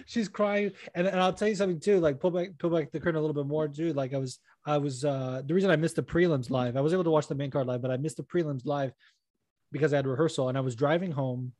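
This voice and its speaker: A young man chatting casually as a podcast co-host, animated and quick to act out what other people said. His voice sits a little high, and the sound is dry and close. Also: dry recording. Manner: animated storytelling, acts out quotes. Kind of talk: casual chat.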